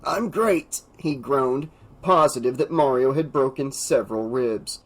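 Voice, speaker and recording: A man's voice: unhurried, low-quality recording. Man narrating a slasher audiobook. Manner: voices characters with raised pitch and louder shouts. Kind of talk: unabridged audiobook reading.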